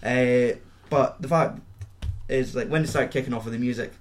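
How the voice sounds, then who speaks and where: A young man co-hosting a podcast chats casually about a film, rambling, swearing, and laughing often. His voice is medium-pitched at normal speed.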